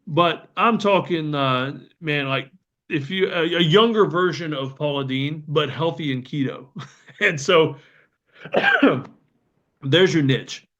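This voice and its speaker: A man's voice: a little high, takes it slowly, a bit bright. A man hosting a podcast, talking casually and enthusiastically with many fillers and restarts. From Southern United States. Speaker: podcast host. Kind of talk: casual solo podcast talk. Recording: slightly dull lo-fi audio.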